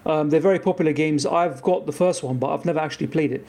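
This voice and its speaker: A man's voice: on the high side, quick pace, darkish tone. A man co-hosting a gaming stream in casual chat, hesitant and full of restarts. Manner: hesitant, many fillers and restarts.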